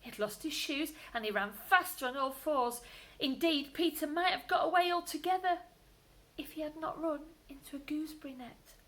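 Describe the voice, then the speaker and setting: A woman, a primary school teacher, reading a bedtime story aloud to children, expressive, with whispered asides. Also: high voice, moderate pace, rough recording.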